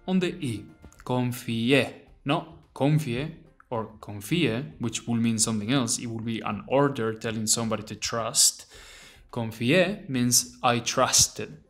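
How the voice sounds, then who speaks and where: A man narrating a language lesson, repeating phrases slowly and deliberately. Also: mid-range voice. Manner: slow, deliberate repetition of phrases. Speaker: language teacher.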